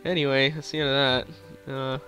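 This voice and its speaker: A man's voice: medium pitch, flat delivery, brisk, pushed and bright, faint music behind. A young man with a sore throat giving hyper, giggly, crude gameplay commentary, rambling on. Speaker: gaming YouTuber.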